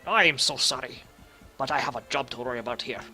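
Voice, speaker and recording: A man's voice: mid-range voice, fast talker, bright, forceful tone, soft background music, voice pushed down. Man putting on a pompous dwarf. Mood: haughty. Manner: pompous, theatrical, with a slipping put-on accent. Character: gruff intolerant male dwarf graveyard keeper.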